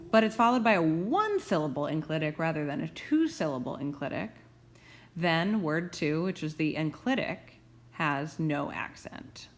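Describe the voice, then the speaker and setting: A young adult woman teaching grammar rules, stressing key terms slowly and deliberately. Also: deep voice.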